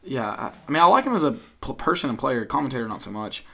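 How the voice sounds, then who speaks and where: A man's voice: mid-range voice, sing-song, fast, gravelly. A young man from Tennessee co-hosting a casual sports podcast, rambling with many fillers. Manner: rambling, many fillers, mock-yells impressions. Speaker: podcast co-host.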